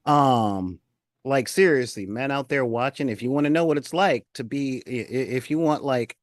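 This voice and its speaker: A man's voice: medium pitch, normal speed, no room sound, studio quality. A man co-hosting a casual TV review chat, laid-back and colloquial, chuckling often between points. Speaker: podcast co-host.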